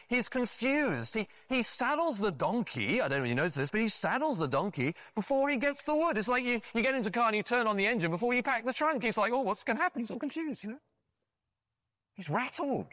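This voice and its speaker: A man preaching a sermon, telling stories in an animated way with frequent restarts and asides. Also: high-pitched, fairly quick, few pauses, dry recording, clean studio sound. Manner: animated storytelling with frequent restarts and "you know".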